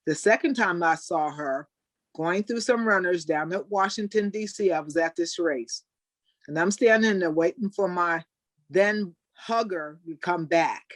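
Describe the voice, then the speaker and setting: Older woman telling lively stories. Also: on the low side, measured pace, no room sound. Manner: animated storyteller, acts out quoted people. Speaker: interview guest, Special Olympics athlete. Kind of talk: storytelling in an interview. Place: webinar video call. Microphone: video call.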